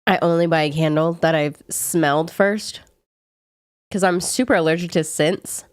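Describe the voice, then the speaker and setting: Her voice sits on the low side, smooth and steady at a moderate pace. She's a young woman with a Southern US accent who is sick and chatting casually on a live stream, rambling as she answers viewers and dropping "like" constantly; the audio is clean studio sound without room echo.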